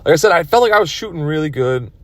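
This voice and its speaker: A man's voice: on the high side, lively intonation, fast, a bit bright, no echo. A tired man commenting on his own pool match from his car, rambling and self-critical. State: tired, yawning. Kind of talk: casual video commentary.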